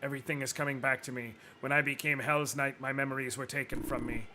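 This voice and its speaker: A man's voice: medium pitch, level tone, quick pace, background noise, close to an everyday voice. A man voicing an arrogant, cruel villainous knight from a game, reading the lines theatrically with music playing behind him. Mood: remorseful. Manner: theatrical, gloating, swings to shouting rage. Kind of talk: dramatic reading of game dialogue.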